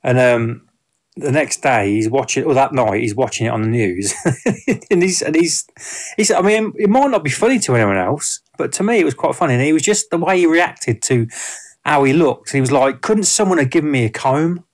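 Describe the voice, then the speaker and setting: A man chats through a film review in a casual, unscripted way. He rambles, restarts sentences and leans on fillers as he goes. His voice sits at an ordinary middle pitch for a man. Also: animated, normal speed.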